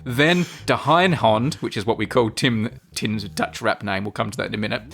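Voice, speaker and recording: A man's voice: lowish voice, fairly even intonation, fast, gravelly, a bit bright, slightly rough. A man co-hosting a podcast in casual chat, reading out listener messages and laughing often as he goes. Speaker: podcast co-host.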